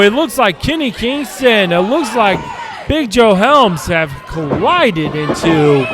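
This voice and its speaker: Excitable guy doing wrestling commentary, highish voice, yells a lot, big crowd and music blaring behind. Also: slow. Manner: excitable, frequently shouting, gets worked up. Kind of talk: live play-by-play commentary. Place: live wrestling show venue.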